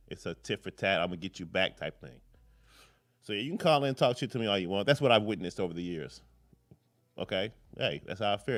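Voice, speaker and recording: A man with a deep, fairly bright voice hosts a live political commentary show. He talks casually, rambling off on tangent after tangent and cursing freely.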